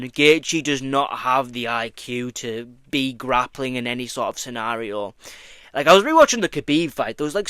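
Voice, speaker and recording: A man's voice: mid-range voice, clear, resonant tone, no room sound. A young man reacting to fight news in a casual vlog. He swears freely and mocks as he talks. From Britain. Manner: profane, mocking, excitable. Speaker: YouTuber commentating on combat sports.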